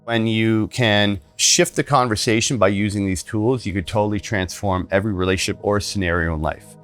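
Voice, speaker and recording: A man's voice: fairly low pitch, a little fast, fairly bright tone, smooth, soft background music. A man leading a retreat, giving an earnest teaching talk and telling stories. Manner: earnest, acts out voices in stories.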